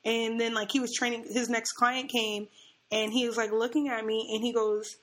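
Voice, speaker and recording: Animated woman telling a story, laughing. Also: on the high side, moderate pace. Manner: animated, laughs often, acts out quotes. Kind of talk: casual chat, storytelling.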